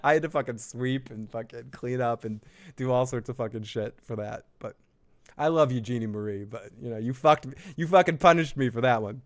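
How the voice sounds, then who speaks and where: A man's voice: mid-range voice, fairly quick. A man giving a casual, jokey show recap and telling stories, rambling and swearing freely. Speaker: TV show reviewer.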